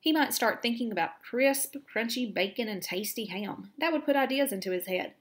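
Reading a storybook aloud to children, a woman voices a calm, wise, kindly female barn spider, sounding patient and gently commanding. Her voice is on the high side, expressive, and close to everyday speech, at normal speed.

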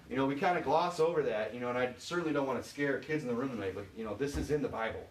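A man from Michigan preaching an informal sermon as pastor, chatty and full of "you know"s, pausing to ask the congregation questions. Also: medium pitch. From Michigan, USA. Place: church sanctuary. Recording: echoey church, voice from far off.

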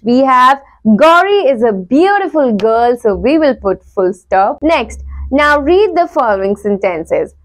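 A woman teacher, explaining a grammar lesson slowly and repeating each example. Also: medium pitch.

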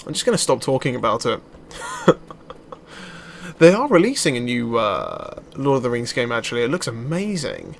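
A man giving casual let's play commentary as a gaming YouTuber, chatty and excitable, exclaiming at enemies and laughing. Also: medium pitch, moderate pace, vocal fry, slight background noise.

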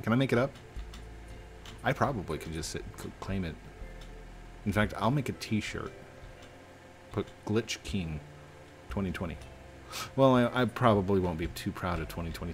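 A man hosting a gaming video, playing along with jokey, excitable commentary and sudden exclamations. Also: on the low side. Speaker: gaming channel host.

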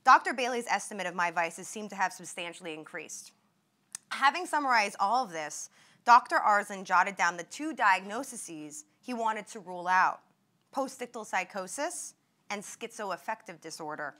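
A young woman reads passages from her memoir to an audience, with a measured, vivid delivery. Her voice is bright and forward, and her pitch sits in an ordinary middle range. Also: animated. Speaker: author and former patient. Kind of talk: reading from her memoir at a talk.

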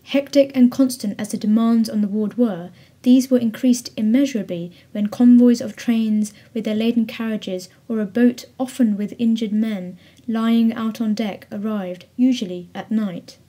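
Woman narrator, scripted, slightly higher pitch, mellow. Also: steady tone, normal speed.

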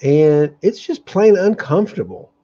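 Earnest man, dark dull webcam sound. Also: a little high, sing-song. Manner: earnest, openly angry, halting with restarts. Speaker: host of a daily live meditation stream. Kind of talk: live-streamed spiritual talk.

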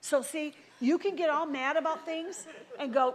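High-voiced woman preaching with lively storytelling. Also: normal speed. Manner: animated storytelling, acts out quoted voices. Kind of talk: sermon. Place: church.

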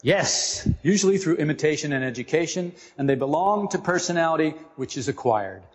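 A man giving an informal spiritual talk to a group, animated and joking, often asking his listeners questions. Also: fairly high pitch, a little fast. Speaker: esoteric teacher. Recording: dull lo-fi recording in a reverberant room.

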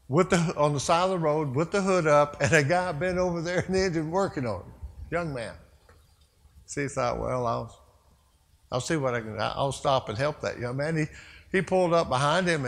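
A man preaching a sermon as a pastor, telling a story in a loose conversational way with asides. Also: a little high. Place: church sanctuary. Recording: long church reverb.

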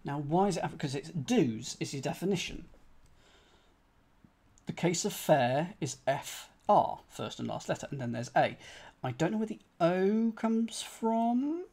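A man's voice: fairly high pitch, expressive, unhurried, darkish tone. A man solving a cryptic crossword live on stream. He thinks aloud, spells out letters one by one and talks to his chat.

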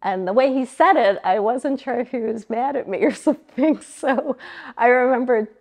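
Middle-aged woman guest from Long Island, gravelly voice, chatty, self-deprecating storyteller. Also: fairly high pitch, normal speed, darkish tone. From Long Island, New York. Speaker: interview guest. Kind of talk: casual reminiscing interview.

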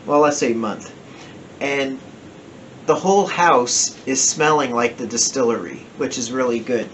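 In his home den, a New Jersey-accented man talks loosely through a whiskey review, wandering off and catching his own mistakes. He has a medium-pitched, somewhat bright voice, a measured pace, and a bit of background noise behind him.

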